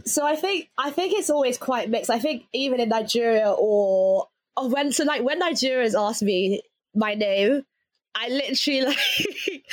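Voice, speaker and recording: A woman's voice: on the high side, no room sound. A young adult woman with an English accent, talking casually as an interviewee, laughing often and leaning on fillers like "like".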